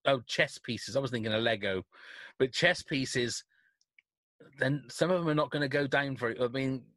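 Bright-voiced British man bantering on radio. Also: mid-range voice, moderate pace, no echo. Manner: rambling, self-correcting, chuckling. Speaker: radio co-host. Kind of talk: casual banter reading listener questions.

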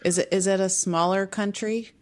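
A woman's voice: mid-range voice, fairly even intonation. A woman co-hosting a podcast, casually reading out questions and chiming in with short replies. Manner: reads out questions, quick backchannels. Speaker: podcast co-host. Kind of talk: casual chat.

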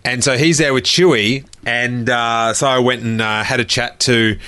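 A man's voice: medium pitch, fairly even intonation, normal speed, sharp tone, dry recording. A man hosting a podcast, chatting casually and laughing while he tells a story. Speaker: podcast host. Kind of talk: casual chat.

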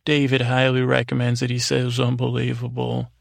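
Gravelly guy hosting a podcast, flat even voice, super dry close mic, rambles and corrects himself. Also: mid-range voice, a little fast, no room sound. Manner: rambling, self-correcting, jokey asides. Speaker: podcast host. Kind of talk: casual thank-yous to listeners. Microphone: close studio mic, alone.

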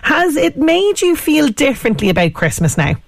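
A woman hosting a radio interview, gushing with praise and chatting warmly. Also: high-pitched, big pitch swings, moderate pace, vocal fry, no room sound. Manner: enthusiastic, effusive praise. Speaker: radio show host.

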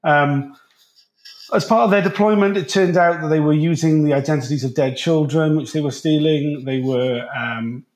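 A man's voice: fairly high pitch, normal speed, darkish tone, reverberant. A man, a podcast guest, explaining casually with rambling restarts and casual swearing.

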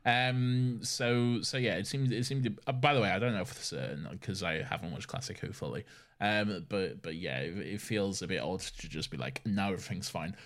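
A man co-hosting a podcast, chatting casually in a relaxed way, laughing often and hedging his points. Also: sits low, moderate pace. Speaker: podcast co-host. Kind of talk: casual chat.

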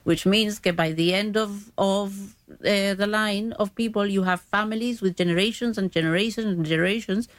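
A woman's voice: mid-range voice, normal speed, hardly any pauses, dry recording. A woman, a diabetes educator guest explaining things patiently on a radio chat, often restarting her sentences.

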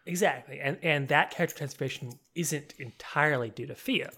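A man's voice: a little high, a little fast, breathy edge. A man in casual conversation, recapping a film with frequent laughter and many restarts. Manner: animated, laughs often, stumbles and restarts.

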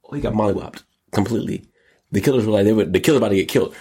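A male host delivering an energetic solo commentary show, hyped and exclamatory, often jumping up to high squeals. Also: very fast, breathy edge. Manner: hyped, exclamatory, gasping and laughing, jumps to squeals.

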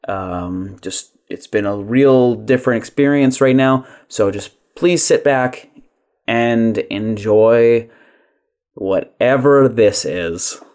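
A man's voice: mid-range voice, slow, darkish tone. A man hosting a podcast, talking casually with lots of fillers and self-deprecating jokes. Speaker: podcast host.

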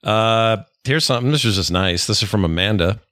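A man's voice: lowish voice, brisk, a bit bright, no room sound, studio quality. A middle-aged man co-hosting a casual podcast with his daughter, joking and teasing as he rambles. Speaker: podcast co-host, father. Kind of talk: casual chat.

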